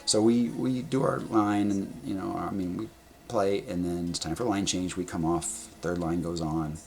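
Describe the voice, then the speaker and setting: A man with a low, gravelly voice tells rambling stories to a camera at a table indoors. He is animated and blunt, throws in sound words and swears casually. A faint hum sits behind him. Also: moderate pace. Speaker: vlogger telling stories. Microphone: camera in front of him.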